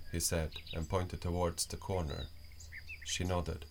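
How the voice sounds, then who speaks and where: A man reading a story aloud as narrator, in a slow, measured way. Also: deep voice, little pitch movement, creaky, a little hiss or hum.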